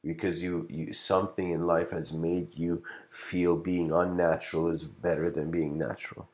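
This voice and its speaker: A man's voice: sits low, little pitch movement, moderate pace, a little mellow. A man giving a casual livestreamed lecture, rambling and reflective, full of "you know" fillers. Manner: reflective, philosophical musing.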